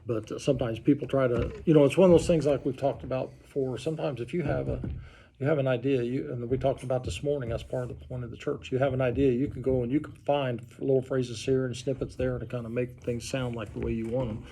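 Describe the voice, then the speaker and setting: A pastor leading an informal Bible study, talking conversationally and quizzing the group with questions. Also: male voice, mid-range voice, fairly even intonation, quick pace, gravelly, warm tone, slight background noise. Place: church study group room.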